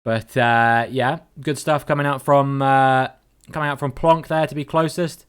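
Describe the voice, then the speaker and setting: A man's voice: medium pitch, steady tone, unhurried, clear, resonant tone. A man giving chatty, playful live-stream commentary while playing a guessing game with his viewers, greeting them by name and swearing casually.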